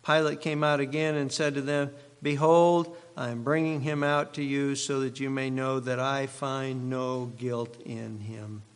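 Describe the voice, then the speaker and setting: Man, pastor, sermon, dramatic scripture reading, mid pitch, long hall reverb, church. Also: little pitch movement, clean tone. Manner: measured, dramatic reading with emphatic quotes. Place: church sanctuary.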